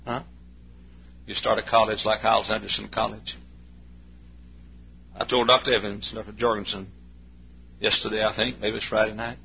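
A man's voice: on the low side, level tone, normal speed, creaky, pauses often. A man preaching a sermon in a folksy storytelling way, acting out little scenes. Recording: dull lo-fi recording with faint hum.

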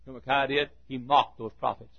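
An older man preaching a sermon in a church, telling a story in a folksy, chuckling way and swinging from hushed asides to loud, emphatic lines. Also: mid-range voice, steady tone, a little fast, creaky, lo-fi sound. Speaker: pastor.

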